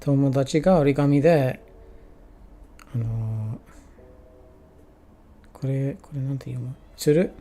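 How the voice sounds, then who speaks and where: A man streaming his Japanese study, sounding out practice sentences slowly with many restarts and chatting casually between them. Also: medium pitch, warm tone, faint music behind.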